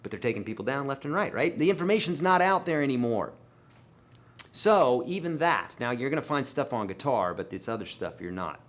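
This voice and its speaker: Animated man answering guitar questions. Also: brisk. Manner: animated and emphatic, with sudden swings in loudness and pitch; talks straight to viewers as friends and folks. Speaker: guitar teacher hosting a live Q&A. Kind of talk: casual live Q&A, answering viewer questions.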